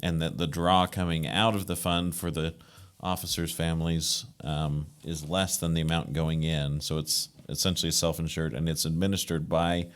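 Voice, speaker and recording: A man explaining a self-insured trust calmly to a city council in a meeting. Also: very deep voice, normal speed, clear, resonant tone. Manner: calm explanatory. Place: council chamber.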